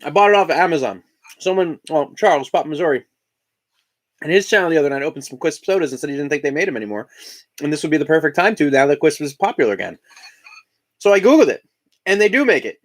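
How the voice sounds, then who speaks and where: A man's voice: fairly high pitch, lively intonation, quick pace, pauses often. A man from Indiana hosting a casual live stream, chatting while he eats breakfast. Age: adult parent of young children. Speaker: live-stream host and collector.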